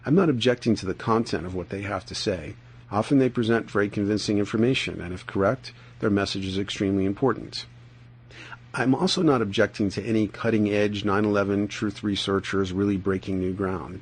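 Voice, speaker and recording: A man reads his own first-person journal for a podcast, his voice a little breathy and husky. He sits slightly low in pitch and takes his time, stretching out some phrases slowly. The delivery is steady and deliberate. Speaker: podcast host reading his own writing. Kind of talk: first-person reading of a dream journal and commentary.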